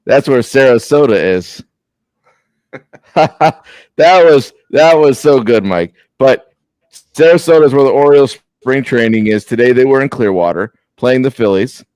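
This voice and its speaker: A man's voice: mid-range voice, lively intonation, moderate pace, darkish tone, no echo. A man co-hosting a sports podcast over a video call, talking in a rambling way with frequent restarts. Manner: rambling, apologetic, restarts a lot. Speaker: podcast co-host. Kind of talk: casual sports chat. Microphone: remote video call.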